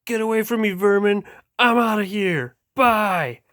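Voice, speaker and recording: A man's voice: measured pace, fairly bright tone, a little hiss or hum. A man doing a squealing, panicky toy tugboat. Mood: snooty. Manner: high, squealing and whiny. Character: panicky spoiled little toy tugboat, male.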